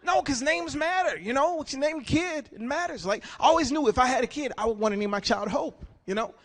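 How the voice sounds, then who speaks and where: A man in his forties performing stand-up comedy, telling animated stories and acting out characters. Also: very high-pitched, a little fast.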